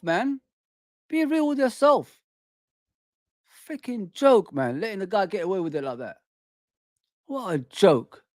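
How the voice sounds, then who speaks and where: Football fan host, male, heated and repetitive on a desk mic, high voice. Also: dry recording, clean studio sound. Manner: heated, repetitive, calls listeners "people" and "man". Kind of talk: ranting fan commentary. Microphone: desk microphone.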